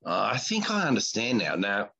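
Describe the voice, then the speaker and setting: A man's voice: fairly low pitch, huge pitch swings, normal speed, gravelly, sharp tone. A man hosting a podcast in casual chat, with a blunt, opinionated and crude way of talking. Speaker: podcast host.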